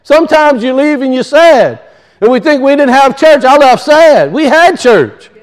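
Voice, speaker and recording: A man's voice: very high voice, expressive, normal speed. A male pastor preaching a sermon, emphatic, with rhetorical questions and casual asides.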